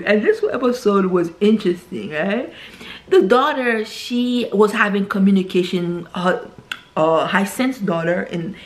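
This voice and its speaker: A woman talking casually to her viewers in a rambling monologue, tagging "right?" onto her sentences. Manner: rambling, says "right?" constantly; acts out quoted characters in a higher voice. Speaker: vlogger.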